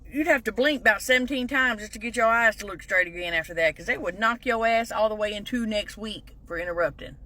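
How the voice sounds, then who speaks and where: A woman's voice: mid-range voice, fast talker, hardly any pauses, bright, forceful tone. A middle-aged woman, telling sassy, folksy stories in a casual comedic monologue. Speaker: vlogger.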